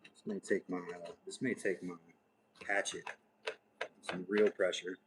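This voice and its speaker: A man hosts a live crafting stream from his home workshop, unhurriedly thinking aloud and muttering to himself as he works. His voice is low and level in tone, with background noise present.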